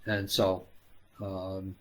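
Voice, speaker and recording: A man hosting a live healing stream, talking gently and haltingly with many fillers, coaxing viewers by name. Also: sits low, completely flat delivery. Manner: coaxing, addresses viewers by name and calls them hon. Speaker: spiritual healer hosting a live Q&A.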